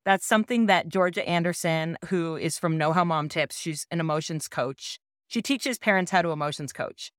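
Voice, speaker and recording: A woman in her thirties hosting a parenting podcast, telling a personal story in a gentle, earnest, reassuring way. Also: on the low side, moderate pace, no echo, studio quality. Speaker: podcast host.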